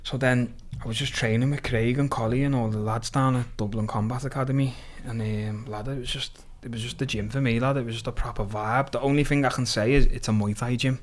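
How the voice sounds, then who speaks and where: A man in his thirties with a broad Scouse accent, chatting as a guest on a podcast. He talks bluntly and with a lot of energy, swears freely and keeps dropping "lad" into his sentences. His voice sits at an ordinary male pitch. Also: fairly even intonation, brisk, hardly any pauses. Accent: Liverpool (Scouse). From Liverpool, England. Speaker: guest, mixed martial arts fighter. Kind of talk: casual podcast chat.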